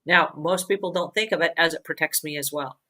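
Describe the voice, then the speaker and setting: Bright, emphatic woman hosting a cleaning show. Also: sits low, brisk, poor audio. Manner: emphatic, repetitive, earnest and animated. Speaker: host of a cleaning advice show. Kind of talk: conversational advice talk.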